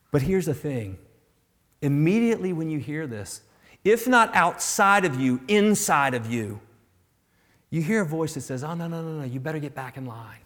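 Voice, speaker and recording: A man preaching a sermon as pastor, swinging from loud, emphatic lines down to hushed whispers. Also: on the high side. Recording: long reverb of a large hall.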